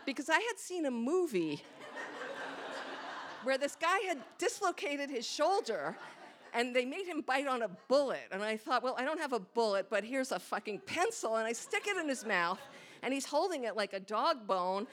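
A woman's voice: high voice, big pitch swings, normal speed, a bit bright. A woman telling a candid, self-mocking personal story on stage before a live audience, acting out her own thoughts as she goes. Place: small hall with a live audience.

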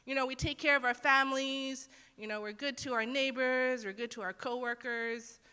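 A woman's voice: sits high, fairly even intonation, moderate pace, pushed and bright, clear, resonant tone. A young woman teaching a Bible lesson in a casual, earnest way, acting out the quotes she tells. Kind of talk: conversational sermon. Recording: long hall reverb.

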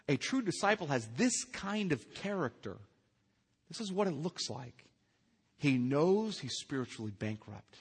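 A man's voice: on the high side, fairly bright tone, breathy edge, long reverb tail. A man preaching a sermon as pastor, earnest and emphatic, asking his listeners questions. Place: church sanctuary.

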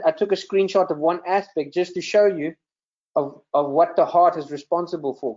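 A man in ministry teaches an earnest sermon over a video call with screen sharing, often repeating words as he goes. His voice is fairly high with a darkish tone, and the high frequencies are cut off.

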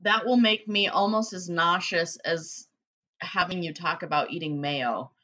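Woman co-host, wry and sweary, low and bright. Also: measured pace. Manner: wry, joking, swears casually. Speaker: podcast co-host. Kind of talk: casual chat.

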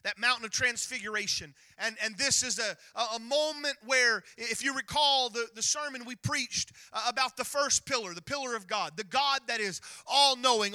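High, bright-voiced preaching man. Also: no echo. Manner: emphatic preaching, rising to near-shouts, retelling scripture in lively voices. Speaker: pastor. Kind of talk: sermon.

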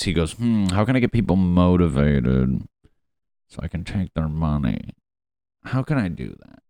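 A man's voice: deep voice, very animated, normal speed, dark tone, no echo. A man hosting his own show, ranting in a rambling, profane, mocking way on his lunch break. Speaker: podcast host. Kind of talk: casual comedic rant.

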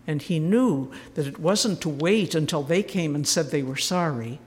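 A woman leads a spiritual retreat, telling a personal story in a gentle, earnest way with a touch of wry humor. Her voice rings out in a church with a long, lingering reverb. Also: sits low, moderate pace. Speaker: retreat speaker.

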